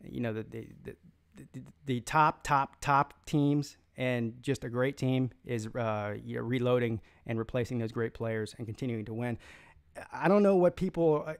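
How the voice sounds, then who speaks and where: On a live sports stream, a man with a medium-pitched, gravelly yet clean voice speaks at a moderate pace, meandering through opinions and viewer comments. He has the hiccups and often restarts or uses fillers.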